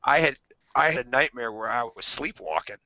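A man on a podcast telling stories casually, animated and swearing freely, acting out screams and voices as he goes. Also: medium pitch, brisk, vocal fry, a crowd in the background. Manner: swears freely, restarts sentences. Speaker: podcast co-host. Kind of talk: casual storytelling among friends. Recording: dry, dull lo-fi podcast audio.

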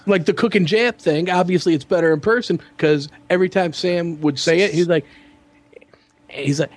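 A man co-hosting a podcast, telling a long anecdote in casual chat and acting out the people in it. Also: moderate pace. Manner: animated storyteller who slips into high-pitched quoted voices. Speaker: podcast co-host.

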